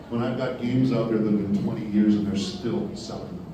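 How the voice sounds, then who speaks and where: A man's voice: on the low side, brisk, noisy background. A man speaking as a voice actor on a panel, telling candid and wry stories and answering questions. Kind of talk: panel Q&A storytelling. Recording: echoey hall, voice from far off.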